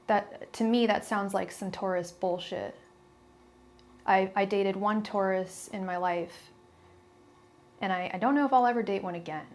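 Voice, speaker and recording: A woman's voice: mid-range voice, unhurried, long pauses, a little mellow. A young adult woman giving a live-stream tarot reading, talking bluntly and chattily with many restarts. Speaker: tarot reader.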